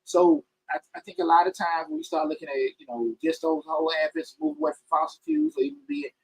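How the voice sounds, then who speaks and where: A man hosting a casual call-in podcast, talking in bursts with frequent restarts and emphatic upward pitch jumps. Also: wildly swooping pitch, quick pace, gravelly, husky, no echo, rough recording. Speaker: podcast host.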